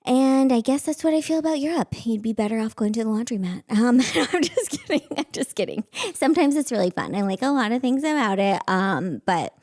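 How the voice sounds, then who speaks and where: Animated woman, gravelly edge. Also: a little high, a little fast, dry recording, studio quality. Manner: animated, acts out voices, laughs often. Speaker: podcast host and stand-up comic. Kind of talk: casual comedic storytelling.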